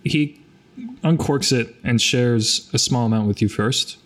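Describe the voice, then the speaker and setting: A man narrating a tabletop role-playing game as game master, halting and repeating words often. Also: medium pitch.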